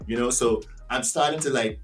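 Male podcast guest, mid-pitched, animated and profane, faint music behind. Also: brisk, distant mic. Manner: animated, swearing, rhetorical questions. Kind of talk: casual podcast interview.

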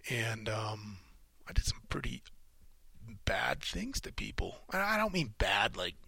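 A middle-aged man hosting a solo podcast, talking through his thoughts in a rambling, halting way with many restarts and casual swearing. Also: lowish voice, big pitch swings, gravelly, sharp tone, breathy edge, no echo, rough recording. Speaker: podcast host. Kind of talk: solo reflective monologue.

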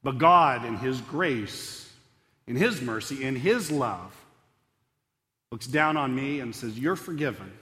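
A male pastor delivers an earnest chapel sermon, pressing hard on key words and then dropping low into prayer. His voice is bright and forward. It rings out with a long reverb through a large hall. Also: slow, pauses often. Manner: earnest, swings between emphatic and hushed.

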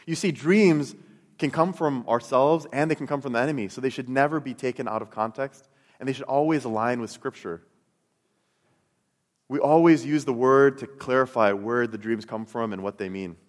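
A man's voice: mid-range voice, normal speed. A middle-aged man telling his personal faith testimony and teaching, earnest and storytelling, often repeating words as he goes. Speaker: Christian speaker. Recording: long hall reverb.

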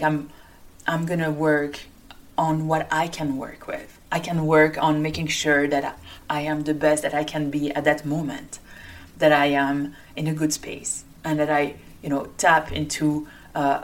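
A woman's voice: low voice, steady tone, measured pace. A woman physician with a French accent, hosting a solo podcast in an earnest, hopeful way with many fillers. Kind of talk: casual solo podcast talk.

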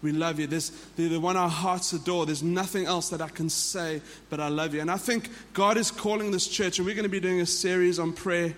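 South African pastor preaching in a reverberant hall. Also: male voice, sits high, fairly even intonation, fairly quick, few pauses, fairly bright tone. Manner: earnest, repeats and restarts phrases. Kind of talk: sermon. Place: church.

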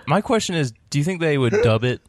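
A man co-hosting a podcast in casual chat, animated and playful, laughing as he talks. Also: on the high side, quick pace, no room sound. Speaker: podcast co-host.

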